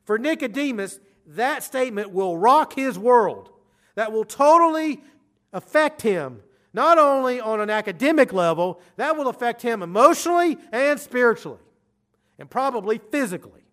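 A man preaching a sermon, moving from quiet explanation to urgent, emphatic declarations. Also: very high voice, animated, moderate pace. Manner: emphatic, swings from quiet asides to urgent loud stresses.

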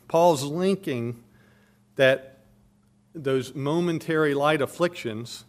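A man preaching a sermon, expounding a passage with emphatic stress, his volume rising and falling. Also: mid-range voice.

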